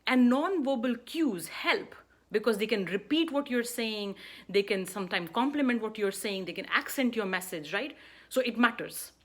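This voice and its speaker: A woman's voice: fairly high pitch, expressive, moderate pace. A middle-aged woman coach giving a talk on public speaking, emphatic, often checking in with a rhetorical "right?".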